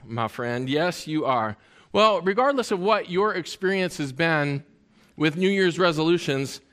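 Addressing his congregation, a male pastor preaches in a high voice. His sermon feels relaxed and conversational, with frequent pauses on filler words.

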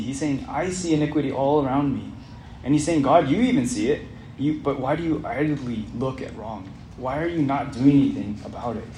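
A man's voice: mid-range voice, a little mellow. A man teaching an interactive Bible study lesson in an earnest way, putting questions to the group as he reads. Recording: roomy echo, faint background noise.

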